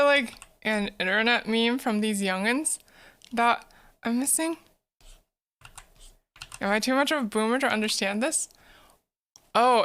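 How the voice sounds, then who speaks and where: A woman's voice: fairly high pitch, fairly bright tone. A woman streamer chatting casually with her viewers, giggling often and repeating words as she thinks. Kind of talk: casual live-stream chat.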